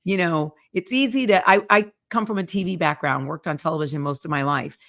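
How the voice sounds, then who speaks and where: A woman's voice: fairly low pitch, brisk, a bit bright. A woman hosting a Christian interview, speaking earnestly and from the heart. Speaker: ministry host. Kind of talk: interview conversation.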